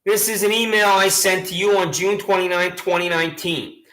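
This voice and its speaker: A man with a high voice rants straight at a local official, sarcastic and combative as he reads out his own letters. His tone is bright and sharp. The sound bounces around a roomy, echoey space. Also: fairly even intonation, moderate pace. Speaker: citizen reading his complaints to a sheriff. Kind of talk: angry direct-address monologue.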